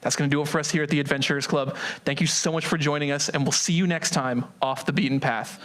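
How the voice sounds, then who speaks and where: Male event host, slightly high voice, fast and upbeat sign-off. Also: fairly even intonation, fairly bright tone. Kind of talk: closing remarks to a live audience and viewers.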